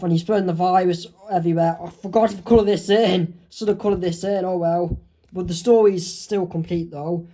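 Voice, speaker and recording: A man casually narrating his own fan comic, halting and restarting as he goes. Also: sits high, fairly even intonation, mellow. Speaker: comic artist.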